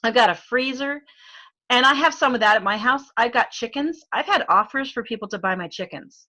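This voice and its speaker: A woman's voice: a little high, expressive, brisk, pushed and bright. A middle-aged woman from Arizona with an Arizona accent, chatting as a guest, with lots of fillers and frequent laughs. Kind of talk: casual chat.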